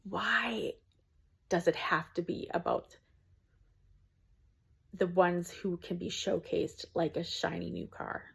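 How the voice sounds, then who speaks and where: A woman's voice: lowish voice, steady tone, slow, gravelly, pauses often, a little hiss or hum. A woman, a small content creator, talking to camera from home in an earnest, preachy rant with frequent ums.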